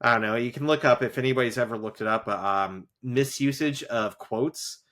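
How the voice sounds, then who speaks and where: A man's voice: mid-range voice, a little fast, a bit bright. A man co-hosting a casual podcast, talking in rambling runs with many fillers and restarts. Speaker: podcast co-host; teacher who grades essays. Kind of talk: casual rewatch podcast chat.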